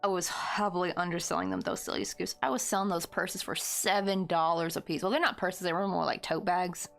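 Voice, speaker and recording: A woman's voice: lowish voice, expressive, brisk, creaky, a bit bright, soft background music. A woman in her thirties hosting a crochet livestream, chatting casually in a rambling way with lots of fillers and easy laughs.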